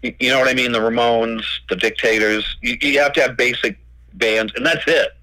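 In a podcast interview, a record label owner spins stories, cursing freely and acting out past exchanges with "I go." His medium-pitched voice is steady, brisk and sharp, recorded with no echo but in low quality.

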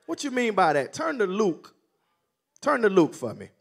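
A man preaching with a high, very animated voice that climbs and falls dramatically. He calls for responses from the congregation and builds his delivery in waves. The tone is that of a pulpit. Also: normal speed, creaky, husky. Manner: call-and-response preaching, rising to near shouting. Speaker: minister. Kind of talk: sermon.

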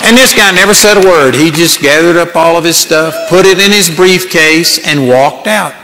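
An older man preaching a sermon, telling a personal story in a folksy, animated way and acting out what people said. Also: on the high side, normal speed, a faint crowd. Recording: long reverb of a large hall.

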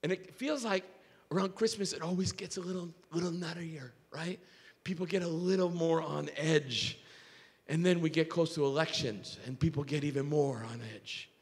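A male pastor with a high, bright voice preaches in an animated, storytelling manner, poking fun at himself. His words carry a long reverb from the church hall around him. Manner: animated storytelling with self-mocking humor. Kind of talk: sermon. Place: church sanctuary.

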